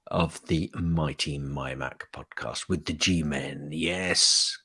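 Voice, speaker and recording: A man's voice: very deep voice, slow, hardly any pauses, sharp tone, husky, no room sound. A man from the UK co-hosting a casual tech podcast, chatty and playful, often laughing at what he reads out. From United Kingdom. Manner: chatty and playful, laughs at his own reading. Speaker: podcast co-host.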